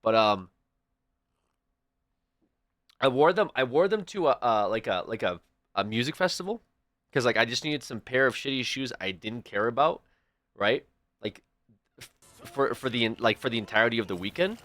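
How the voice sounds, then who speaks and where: In an animated, mid-range voice that's a little fast and a bit bright, a young man chats casually with stream viewers, telling rambling stories full of restarts and asides. There's no room sound.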